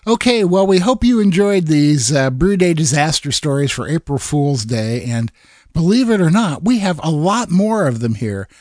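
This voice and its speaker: A man's voice: a little high, expressive, moderate pace, a little mellow, no echo, studio quality. A man co-hosting a podcast who chats casually with upbeat, chuckling reactions. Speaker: podcast co-host. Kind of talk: casual chat.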